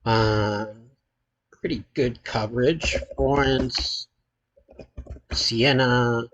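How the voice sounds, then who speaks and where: A man hosting his channel, thinking aloud as he plays a geography quiz, hesitant and halting with many filler pauses. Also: mid-range voice, fairly even intonation, fairly bright tone, poor audio. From United States.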